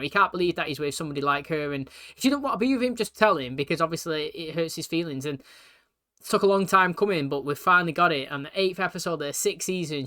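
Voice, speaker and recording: A man's voice: on the high side, sharp tone. A man giving a rambling, earnest, casual commentary as a reaction video host.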